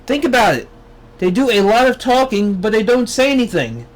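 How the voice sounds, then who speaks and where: A man's voice: high voice, very animated, moderate pace. A young man hosting his own talk show, ranting with exasperation and sarcasm. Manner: exasperated, sarcastic, mocking impressions. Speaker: vlog host. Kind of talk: ranting commentary.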